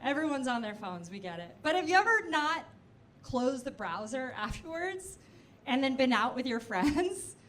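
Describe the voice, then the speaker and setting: A woman doing a stand-up comedy set in a club, chatting quickly with the crowd in quick asides. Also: high voice, very animated, a bit bright. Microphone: handheld stage mic. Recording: noisy live club recording.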